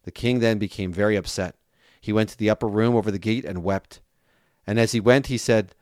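A man reading a scripture passage aloud with a measured, steady delivery. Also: on the low side, no echo, studio quality. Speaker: scripture reader.

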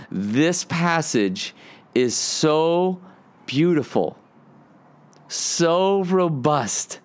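A man hosting a devotional podcast, telling stories earnestly with frequent restarts and fillers. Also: mid-range voice. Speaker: podcast host and preacher.

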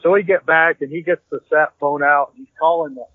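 Husky man telling a rambling hunting story. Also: a little high, a little fast, dry recording. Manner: rambling, animated, repeats "I said" to act out dialogue. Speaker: podcast guest, hunter. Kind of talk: casual storytelling. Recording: tinny phone-like, dry.

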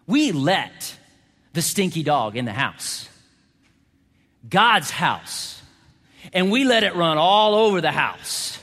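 A male pastor delivering a dynamic sermon, moving between hushed, quiet passages and loud, emphatic exclamations. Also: fairly high pitch, very animated, slow pace, pauses often. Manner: dynamic preaching, swings from hushed to shouting. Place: church sanctuary. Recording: hall reverb.

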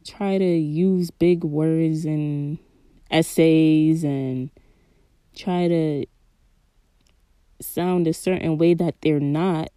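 A woman's voice: deep voice, fairly even intonation, extremely slow, long pauses, mellow, smooth. A woman from New York City with a New York accent, hosting a podcast in a rambling, slang-heavy monologue. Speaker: podcast host. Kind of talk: casual monologue and story time.

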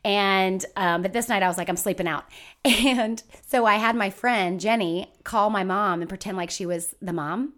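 A woman's voice: mid-range voice, moderate pace, fairly bright tone. A woman, rambling through a story in casual chat as a podcast co-host, with many fillers. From Atlanta, Georgia.

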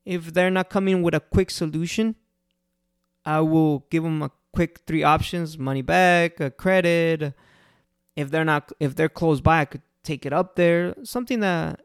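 A restaurant owner walks through how to handle unhappy customers, earnest and repeating each key point for emphasis. The voice is gravelly, with a rough fry in it. The recording is dry and close, with no room sound. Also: mid-range voice, steady tone, a little slow, no room sound. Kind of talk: casual customer-service advice talk.

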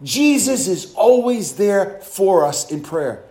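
A man's voice: high-pitched, big pitch swings, slow, darkish tone. A male pastor preaching a fervent sermon, with frequent hallelujahs and rhetorical questions to the congregation. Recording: roomy, echoing room.

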